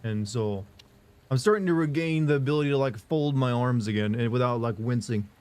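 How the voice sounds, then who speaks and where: A man's voice: mid-range voice, a little fast, darkish tone, clear, resonant tone. A young man streaming live, chatting loosely and reading comments aloud, joking around with sore arms. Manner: rambling, jokey, reads chat aloud. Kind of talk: casual live-stream chat.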